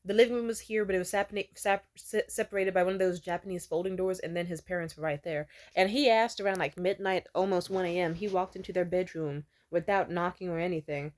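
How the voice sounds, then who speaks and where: A woman's voice: fairly low pitch, fairly even intonation, quick pace, few pauses. A woman in her twenties telling stories in a casual vlog monologue. She swears freely, laughs often, and trails off and restarts her sentences. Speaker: vlogger.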